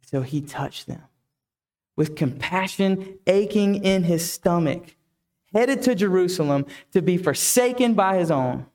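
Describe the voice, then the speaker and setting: A man's voice: high-pitched, expressive, unhurried, darkish tone. A man preaching a reflective sermon who asks the listeners many questions. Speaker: pastor.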